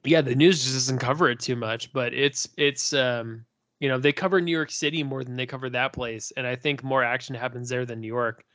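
A man's voice: mid-range voice, fairly even intonation, brisk, fairly bright tone, dry recording. A man from North Dakota, chatting casually as a podcast guest in a laid-back, profane, rambling way.

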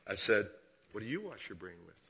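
A man preaching a sermon as guest speaker, telling a story and asking the listeners questions, sometimes dropping to a hushed tone and sometimes rising. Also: on the low side, very animated, a little fast, husky. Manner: drops to hushed tones for story, rises for questions.

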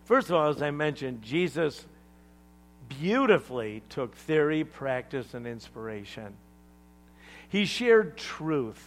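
A man preaching a sermon to a congregation, swinging between loud emphatic lines and hushed asides, joking with the room. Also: on the high side. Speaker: pastor.

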